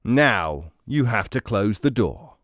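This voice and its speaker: A man's voice: lowish voice, very animated, takes it slowly, fairly bright tone, no room sound, studio quality, heavily acted. A man voicing a stubborn, bossy young husband in a storybook tale.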